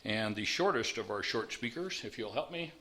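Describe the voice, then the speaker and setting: A man's voice: lowish voice, expressive, normal speed, sharp tone, slight background noise. A man chairing a recovery meeting, making announcements in an easygoing, lightly joking way.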